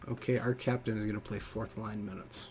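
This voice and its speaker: A man's voice: fairly low pitch, fairly quick, soft background music. A man casually talking through his moves in a hockey management game on a stream, muttering as he reads results. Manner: relaxed, muttering play-by-play of menus. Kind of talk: casual commentary over gameplay.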